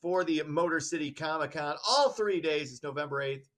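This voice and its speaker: A man reading news items and rambling into halting opinions on a casual show. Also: on the high side, a bit bright. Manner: rambling, halting, self-correcting. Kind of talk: news with commentary.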